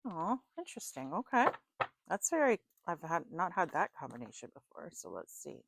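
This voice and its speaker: Low-pitched woman doing a casual tarot reading, chatty and quick to laugh, with a dry close-miked sound. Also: huge pitch swings, gravelly, no room sound. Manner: chatty, laughs often between remarks. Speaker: tarot reader.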